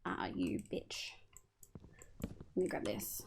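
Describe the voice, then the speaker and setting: A woman's voice: takes it slowly, heavy background noise. A young Australian woman streaming a building game, chatting casually, swearing freely and humming little sound effects as she works. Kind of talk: casual livestream chat while gaming.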